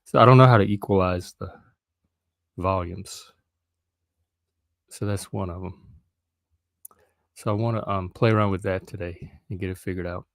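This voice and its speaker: A middle-aged man chats loosely to his viewers, pausing often with ums as he thinks aloud. His voice sits low and is recorded close and dry, with no room sound around it. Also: fairly even intonation, vocal fry, no room sound. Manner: rambling, hesitant, lots of ums. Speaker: live stream host. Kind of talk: casual solo live stream chat.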